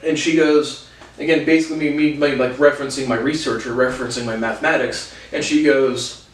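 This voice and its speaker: A man's voice: mid-range voice, steady tone. Agitated swearing man in a roomy room. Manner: profane, agitated, heavy swearing; halting restarts. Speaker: vlogger. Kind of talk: storytelling rant. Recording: roomy, distant mic.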